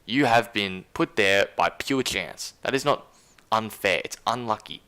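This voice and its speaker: A man's voice: on the low side, expressive, measured pace, sharp tone, clear, resonant tone. A man with an Australian accent hosting a casual live stream, rambling and incredulous as he reads chat aloud. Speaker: stream host.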